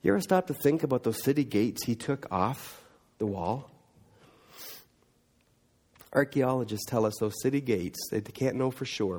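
A man preaching a sermon, telling stories with big swings between loud emphatic lines and quiet low asides. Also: lively intonation, normal speed, long pauses, husky.

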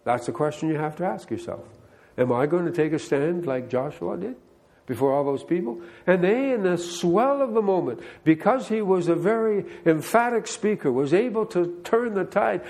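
A man's voice: a little high, animated, normal speed, a little mellow. An older man, a pastor, giving a conversational sermon that mixes scripture reading with plainspoken remarks and direct questions to the listeners.

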